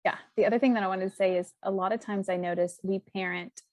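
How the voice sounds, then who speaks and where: A woman's voice: mid-range voice, steady tone, quick pace, a little mellow, dry recording. A woman guest on a podcast, chatting casually and thinking aloud as she talks. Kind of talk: casual chat.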